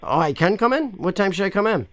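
A man's voice: high-pitched, animated, fast talker. A man making a prank call to a store, rambling, pushy and swearing often. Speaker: caller complaining to a store.

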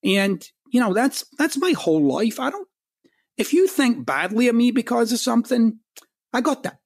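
A man's voice: extremely high pitch, big pitch swings, moderate pace, gravelly, no echo, studio quality. A middle-aged Scottish man, a guest author in a podcast interview, speaking bluntly and emphatically. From Scotland. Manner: blunt, emphatic, swears for punch.

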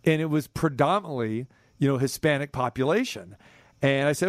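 A middle-aged man hosting a sports radio show, telling a rambling story with animated swings between high and low. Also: fairly quick, dry recording, studio quality. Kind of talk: casual sports talk chat.

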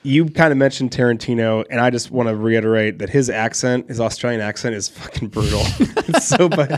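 A man's voice: medium pitch, fairly quick. A man co-hosting a casual film podcast, laid-back, swearing freely and laughing often. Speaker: podcast co-host.

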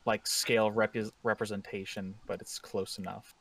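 A man's voice: on the low side, level tone, normal speed, vocal fry, fairly bright tone, recorded from a distance. A man running a tabletop role-playing game as game master, narrating scenes in a casual, joking way and correcting himself as he goes.

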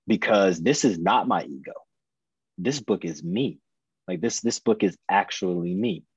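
A man's voice: low voice, animated, measured pace, slightly rough, no room sound, poor audio. A man in his thirties, a podcast guest, telling a personal story earnestly and candidly, often restarting and repeating his phrases. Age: 30s.

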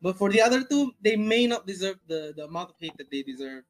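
A mid-pitched speaker chats casually in a hesitant way, with many restarts and fillers. Faint music sits underneath the voice. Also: big pitch swings, fast talker, poor audio. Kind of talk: casual chat.

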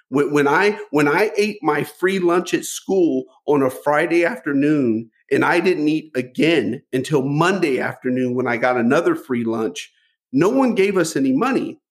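A middle-aged man telling stories from his life as a podcast guest, animated, often repeating a word as he starts a thought. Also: fairly high pitch. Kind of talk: storytelling interview.

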